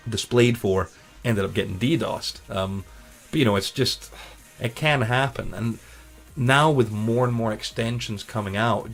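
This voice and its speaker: A man giving an informal instructional talk on streaming safety, conversational and full of "you know" and quick self-corrections. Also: lowish voice. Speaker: streaming educator.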